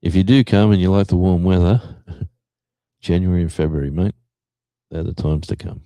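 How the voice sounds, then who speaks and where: Steady and mellow, this low-voiced Australian man talks at a moderate pace on a dry recording. Hosting a livestream, he reads the chat and chats casually, rambling with many fillers and restarts.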